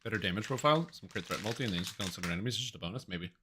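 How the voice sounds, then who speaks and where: A man's voice: on the low side, animated, racing, noisy background. A young man streaming a game, chatting casually and rambling as he jokes and answers chat. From Canada.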